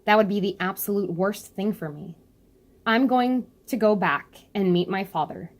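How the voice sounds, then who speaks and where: A woman voicing a proud, determined young princess while reading a comic aloud, earnest and a little higher than her usual voice. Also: normal speed, natural voice. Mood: defiant.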